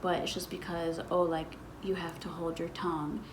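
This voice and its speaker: A woman's voice: lowish voice, normal speed, background noise. Blunt, profane young woman vlogger. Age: 20s. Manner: blunt, swears freely, animated retelling. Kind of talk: casual storytime.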